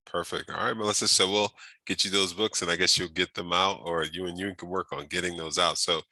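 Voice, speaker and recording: The host of a workshop speaker series keeps things casual on a video call, upbeat and talkative with many fillers and restarts. He has a low voice, a steady tone and a sharp edge, speaking a little fast. No echo is present.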